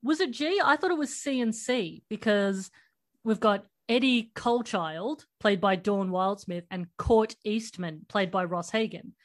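A woman hosts a podcast in relaxed, casual conversation. Her voice sits at a middle pitch, and she recaps scenes with a chatty lilt, often laughing as she goes. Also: a little slow. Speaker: podcast host. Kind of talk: casual movie chat.

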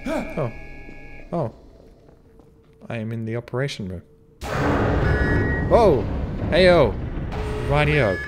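Profane, jumpy gaming commentator. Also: male voice, mid-range voice, wildly swooping pitch, slow pace, long pauses, loud music behind the voice. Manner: profane, jokey, yelps in surprise. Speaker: let's play host.

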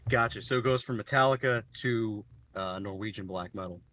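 A man's voice: lowish voice, a little fast, fairly bright tone, no room sound. A man hosting a podcast, asking his guest questions in an easygoing, rambling way with many uhs. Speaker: podcast host. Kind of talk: casual chat.

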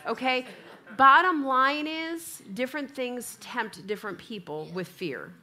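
In church, a woman with a high-pitched voice preaches a little slowly. She tells a funny story from her life and animatedly takes on both roles in the back-and-forth.

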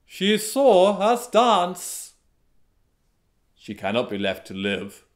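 A man's voice: high-pitched, huge pitch swings, pitched above the performer's own voice, full character voice. A man voicing eerie moonlight spirit dancers. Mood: menacing. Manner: slow, solemn pronouncement in a strange altered tone. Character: chorus of cold, unforgiving moonlight dancer spirits. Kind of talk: storybook voice acting.

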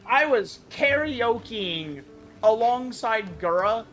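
A woman streamer giving excitable, chatty live gameplay commentary, breaking into mock-outraged rants. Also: a little high, takes it slowly. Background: game music.

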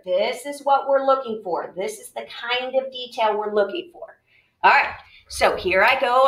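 A woman's voice: a little high, pushed and bright. A middle-aged woman teacher leading a reading lesson, reading a story aloud and modeling note-taking, with frequent checks like "okay?". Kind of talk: classroom lesson with read-aloud.

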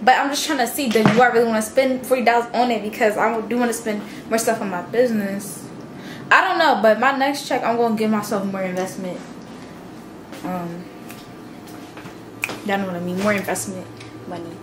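A woman's voice: medium pitch, normal speed, long pauses, noisy background. A young woman chatting casually in a vlog about her day and her small business, slangy and cursing freely. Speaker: vlogger and small business owner.

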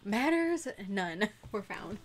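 Giggly young woman streamer, lively voice. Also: mid-range voice, slow. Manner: giggly, chatty, greets viewers by name. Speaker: livestream co-host. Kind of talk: casual gaming stream chat.

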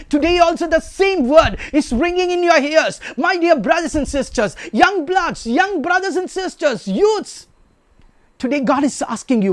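A man's voice: very high voice, animated, moderate pace, no echo, clean studio sound. A man preaching a sermon, emphatic and repetitive, asking rhetorical questions.

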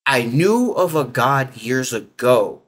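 A man's voice: mid-range voice, lively intonation, slow pace, a bit bright, breathy edge. Rambling man telling a story casually. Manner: rambling, heavy use of filler 'like'; informal nonstandard grammar. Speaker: interview guest.

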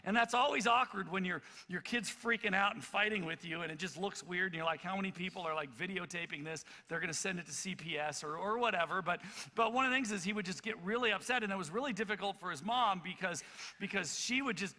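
Male pastor, sermon, high and very bright voice, stammering restarts, reverberant church hall. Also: fast. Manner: animated, loud acted-out storytelling with many stammered restarts. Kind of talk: sermon with storytelling. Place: church auditorium.

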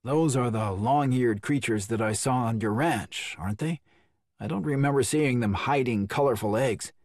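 A man's voice: medium pitch, moderate pace, a little mellow, dry recording, lightly acted. A man voicing a puzzled grown man who asks earnest questions about a strange custom. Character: puzzled, curious adult man.

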